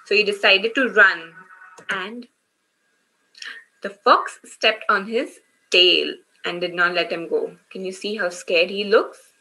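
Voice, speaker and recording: A woman's voice: medium pitch, fairly even intonation, slow, sharp tone, rough recording. A woman teaching children in an online workshop, retelling a story and running quizzes, encouraging them and often checking in with "okay?".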